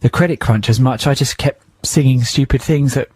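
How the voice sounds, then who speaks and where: A man's voice: medium pitch, moderate pace, darkish tone, breathy edge, no echo. A man co-hosting a casual radio chat, wry and anecdotal, telling stories from film work. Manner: wry, storytelling, mocks films. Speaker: co-host, filmmaker. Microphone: studio microphone.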